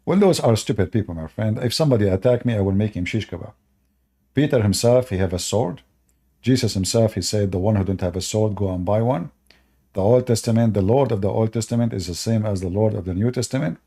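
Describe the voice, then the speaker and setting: Man, blunt call-in host, dark mellow tone, repeats himself, dismissive. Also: lowish voice, fast talker. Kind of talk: live-stream debate talk.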